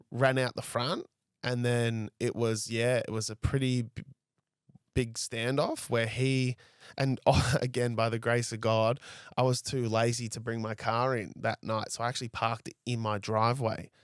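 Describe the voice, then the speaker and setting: A man's voice: medium pitch, steady tone, unhurried, clear, resonant tone, no room sound, studio quality. A young man, telling a story as a podcast guest in a casual, rambling way. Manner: rambling, frequent "like" and "I was like".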